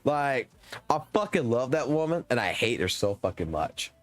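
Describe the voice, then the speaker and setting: A man's voice: medium pitch, very animated, moderate pace, soft background music. Profane rambling male streamer. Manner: profane, rambling, heated storytelling. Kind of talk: casual storytelling to stream chat.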